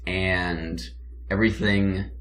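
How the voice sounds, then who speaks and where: A man's voice: low-pitched, steady tone, slow pace, fairly bright tone. A man hosting a podcast, reading show plugs and trading dry jokes in casual banter. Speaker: podcast host.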